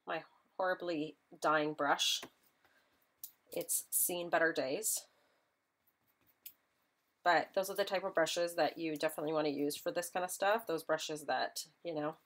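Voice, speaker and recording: A lowish, fairly bright female voice belongs to an instructor demonstrating a live craft project. Chatty and self-deprecating, she talks to viewers and jokes about herself as she works.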